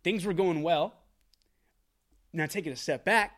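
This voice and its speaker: Guy in his twenties-ish chatting about a movie, kinda high voice, lively, swears a lot. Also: a little slow. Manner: animated, quotes film lines in put-on voices, swears casually. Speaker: movie review podcast co-host. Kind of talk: casual chat.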